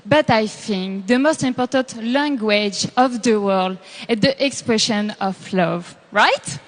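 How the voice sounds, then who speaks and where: A woman from France with a strong French accent, giving a careful, slow self-introduction in English as a pageant contestant. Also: fairly high pitch. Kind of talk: short stage self-introduction.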